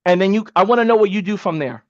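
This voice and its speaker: A high-voiced man coaches a webinar in a casual, energetic way, repeating points for emphasis at a quick pace. The recording is dry and a little dull, like a lo-fi webcam mic.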